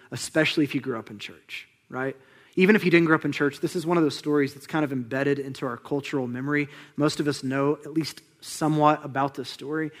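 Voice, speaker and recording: A young man preaching a sermon, conversational and animated, acting out the people in the story and dropping to a hush for solemn moments. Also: medium pitch. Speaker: pastor.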